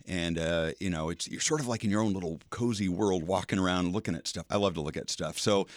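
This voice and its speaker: An older man hosting a radio feature segment tells a casual, chatty story full of curious asides and frequent laughter. His voice is low and fast, with no echo.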